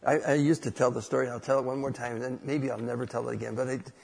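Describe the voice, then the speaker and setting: A man's voice: mid-range voice, flat delivery, rapid-fire, gravelly, a little mellow, breathy edge, big-room sound. A man preaching a conversational sermon, asking rhetorical questions and telling a personal story.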